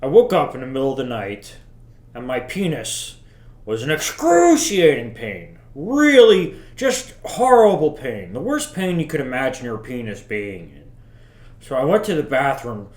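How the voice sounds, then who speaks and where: An actor playing a bitter, self-pitying middle-aged father who rambles crudely to his son in a deadpan comedy monologue. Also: mid-range voice, a little slow. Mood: rambling. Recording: roomy echo.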